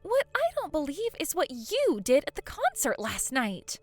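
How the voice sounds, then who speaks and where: A woman voicing an excitable teenage granddaughter in a voiced story drama, chatty and blunt. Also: high-pitched, normal speed, dry recording, faint music behind. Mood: reproachful.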